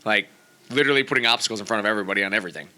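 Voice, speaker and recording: Fast, bright-voiced male podcast host. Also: fairly low pitch. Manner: rambling, heavy on fillers like "you know" and "like". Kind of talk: casual podcast chat.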